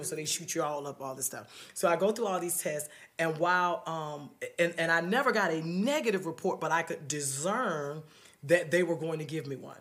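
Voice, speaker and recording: A middle-aged woman talks in a relaxed, faith-filled chat with friends. She tells her story earnestly, trailing off and starting again as she goes. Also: low-pitched. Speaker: podcast co-host. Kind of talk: casual faith-based conversation.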